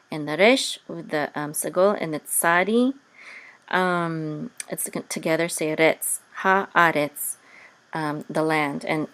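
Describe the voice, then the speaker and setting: A woman teaching Hebrew reading over a video call, patient and hesitant with many pauses, now and then chanting words in a sung tone. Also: lowish voice.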